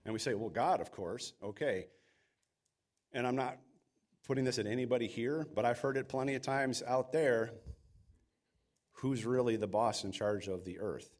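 A man's voice: medium pitch, normal speed, long pauses, a little mellow. A man preaching a sermon in an earnest, emphatic way, sometimes acting out quoted voices. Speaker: pastor.

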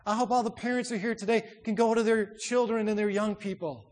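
A man preaching a sermon in an emphatic, exhorting way, often dropping low and soft to drive a point home. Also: fairly even intonation, fast, hardly any pauses, a little hiss or hum.

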